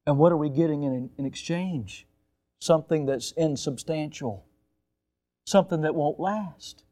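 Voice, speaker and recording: An older man, a pastor, preaching a sermon with emphatic rises and sudden quiet drops. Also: on the high side, a little slow.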